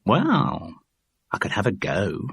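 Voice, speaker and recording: Audiobook: a wry, complaining middle-aged actor, read by a male narrator, low and husky. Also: huge pitch swings, slow, no echo, heavily acted. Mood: grumbling. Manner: wry and grumbling.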